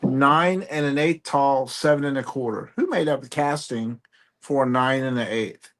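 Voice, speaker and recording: A man hosting a live online sale, joking and describing items deliberately. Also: mid-range voice, noisy background. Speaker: auction host.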